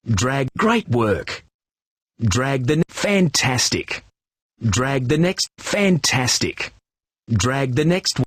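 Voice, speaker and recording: Man, husky voice, slow, lively pitch, children's reading lesson narration, dry close sound. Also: no room sound. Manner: clear, encouraging, slow instructions with praise. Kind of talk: scripted narration and instructions for children.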